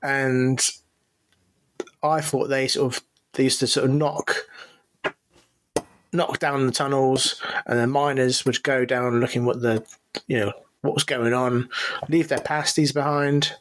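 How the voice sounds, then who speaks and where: A man from Cornwall, co-hosting a comedy podcast and explaining things in a laid-back, halting way. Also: medium pitch, level tone. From Cornwall, England. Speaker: podcast co-host. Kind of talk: casual comedic chat.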